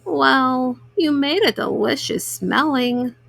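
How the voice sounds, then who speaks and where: A woman voicing a kind, soothing adult wife in a soft, lowered voice for a children's storybook. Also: slow, vocal fry, dry recording, exaggerated voice.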